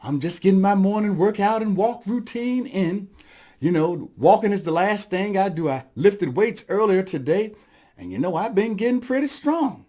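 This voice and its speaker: A cocky little trickster rabbit, put on by a male storyteller, bragging in a high, bouncy voice that jumps all over the place. He talks smooth and sly, like he's always selling something. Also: lively intonation, normal speed, mellow. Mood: boastful. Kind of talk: storytelling performance.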